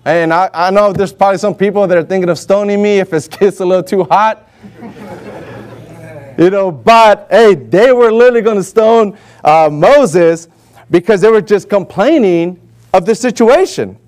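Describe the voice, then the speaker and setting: A man delivers a sermon in a church, reading scripture aloud and acting out the figures in it. His voice sits high for a man. He talks with lively, animated energy. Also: moderate pace. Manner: animated, acts out voices for Moses and God. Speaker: preacher. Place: warm indoor church hall.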